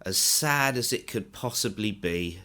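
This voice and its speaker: Brief: male corporate trainer, low voice, animated delivery, guides a remote class through exercises. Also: unhurried. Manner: animated, instructive, pitch jumps up for emphasis. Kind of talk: online training lecture with demonstration.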